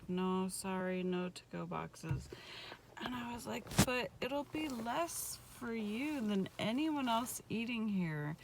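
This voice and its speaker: A middle-aged woman with a gravelly, fry-laden voice talks through a food review at a slow, unhurried pace. She rambles casually, leaning on fillers. Faint restaurant noise hums behind her. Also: mid-range voice, rough recording. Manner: chatty, rambling, lots of "like" fillers. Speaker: food vlogger.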